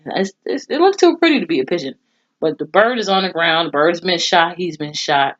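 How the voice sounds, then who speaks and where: Lady reviewer going over a tv episode, kinda low voice, swears a lot, dull lo-fi sound. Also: a little fast. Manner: blunt, expressive, swears freely. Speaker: TV show reviewer. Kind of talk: casual episode recap. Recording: dull lo-fi recording.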